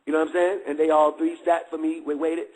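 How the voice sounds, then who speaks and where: Brief: middle-aged man, raspy and a bit high, candid slangy testimony, keeps asking if you follow. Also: level tone, fast talker, darkish tone, poor audio. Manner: streetwise slang, constant check-ins with listeners. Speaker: guest giving a testimony.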